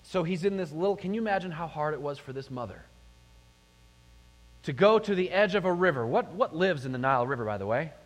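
Animated male pastor in a reverberant church. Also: on the high side, a little fast. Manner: storytelling, animated, addresses the congregation with questions. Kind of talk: sermon. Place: church sanctuary. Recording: long hall reverb.

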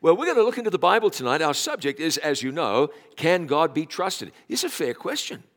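A man's voice: a little high, very animated, fairly quick. A man in his forties with a New Zealand accent, giving a chatty, self-deprecating sermon in a church. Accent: New Zealand, slightly Americanized. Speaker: pastor. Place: church hall. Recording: reverberant church hall.

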